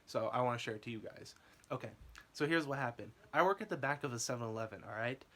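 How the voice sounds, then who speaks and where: A man's voice: mid-range voice, fast talker, sharp tone. A young man vlogging, telling a story casually, rambling with lots of filler words and laughing often.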